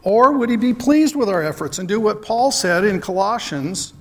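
Earnest church speaker, man, high voice, asks his flock pointed questions. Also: expressive, moderate pace, long reverb tail. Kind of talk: sermon.

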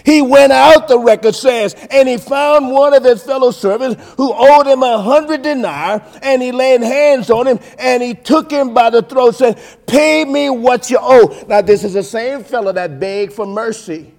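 A man with a high voice delivers a sermon in a rolling preacher's cadence. He drops to quiet, low asides, then lifts into loud, drawn-out emphasis, calling out to "folks" again and again. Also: gravelly. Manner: preaching cadence with sing-song rises and big swings in loudness; keeps addressing listeners as folks.

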